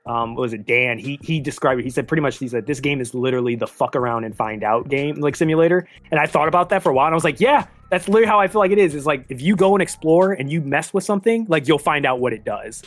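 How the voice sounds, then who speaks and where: A man's voice: mid-range voice, fast, hardly any pauses, no room sound. A man co-hosting a casual gaming podcast, rambling and swearing as he explains. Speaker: podcast co-host. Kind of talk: casual chat.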